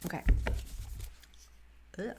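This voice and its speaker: A woman's voice: medium pitch, noisy background. A woman giving a casual, rambling tarot reading to camera, often restarting her words. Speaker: tarot reader.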